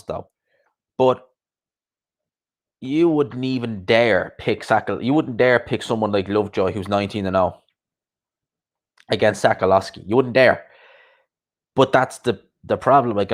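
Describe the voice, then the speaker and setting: A man hosting a live boxing chat, rambling casually and answering viewers' comments. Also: on the low side.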